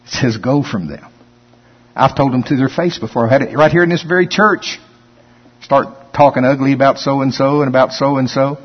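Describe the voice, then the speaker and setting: A man pastor preaching a sermon in a church, reading scripture slowly and then commenting on it in a folksy, conversational way. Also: mid-range voice, fairly even intonation, breathy edge. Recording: long hall reverb, dull lo-fi sound.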